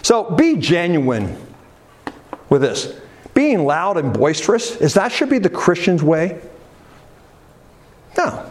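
A man preaching a sermon in a chatty, animated way. His voice sits fairly high and swings widely in pitch. He talks straight to his congregation with frequent asides. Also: takes it slowly, pauses often.

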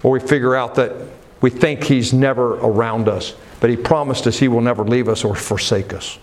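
A man preaching a sermon, moving from low earnest talk to loud rising exhortation. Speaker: pastor.

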